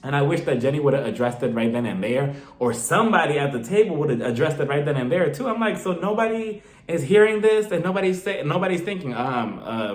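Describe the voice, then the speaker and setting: A man's voice: on the high side, lively intonation, brisk. A man casually recapping a reality TV episode in an opinionated, exasperated way. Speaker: reality TV reviewer. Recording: roomy echo.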